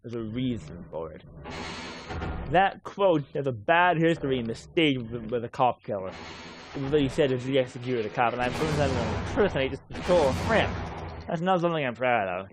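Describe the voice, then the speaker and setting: A man's voice: mid-range voice, lively intonation, fairly quick, noisy background. A man giving rambling, casual commentary while streaming a game, swearing offhandedly now and then.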